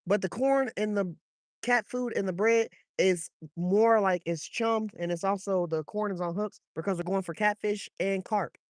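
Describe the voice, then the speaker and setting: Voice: medium pitch, moderate pace, no echo. A fishing vlogger chatting casually and with a lot of swearing, talking to viewers and to the fish while out by the water at night. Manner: loose, profane, talks to chat and to the fish. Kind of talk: casual live-stream chat while fishing.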